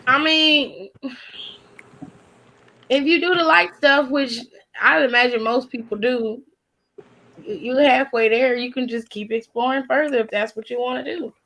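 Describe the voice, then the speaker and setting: A woman's voice: high-pitched, measured pace, pauses often, bright, forceful tone, poor audio. A woman hosting a casual Q&A call, teasing her friends with blunt slang and frequent laughter. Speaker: host of a live Q&A. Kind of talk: casual group chat.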